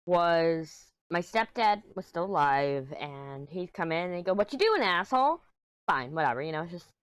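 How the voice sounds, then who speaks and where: A woman with a fairly low voice talks in a casual, rambling vlog, sounding agitated and frustrated as she vents. She records alone in a small room at home. The sound is dry and close, with no room echo. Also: smooth. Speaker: crafting vlogger.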